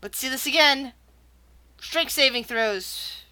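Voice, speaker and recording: A woman running a tabletop game as game master, excitable, tripping over her words and laughing often. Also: high voice, slow pace.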